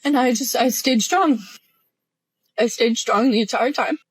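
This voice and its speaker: A woman in a tearful, halting, emotional confessional vlog. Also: a little high, slightly rough, no room sound, rough recording. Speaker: social media poster.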